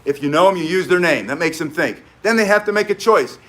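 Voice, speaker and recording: A man's voice: fairly high pitch, fairly quick. A man teaching self-defense in a casual spoken way, blunt and emphatic as he tells stories. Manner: emphatic, blunt, animated storyteller.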